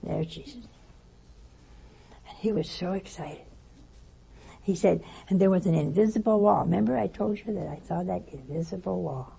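A woman giving a spiritual talk, telling a story in a lively way and acting out the voices she quotes. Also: lowish voice, fairly quick, gravelly, breathy edge, poor audio. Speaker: religious teacher.

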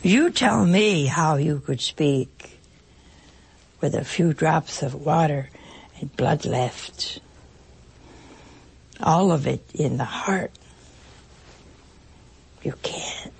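Husky gravelly-voiced woman preaching slowly. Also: sits low. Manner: emotional, dramatic pauses, drops to whispers. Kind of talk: sermon.

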